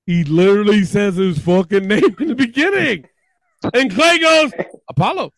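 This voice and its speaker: A man hosting a podcast quiz game, cursing often and ribbing the players in loud, exasperated casual banter. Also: sits high, normal speed, dry recording, soft background music.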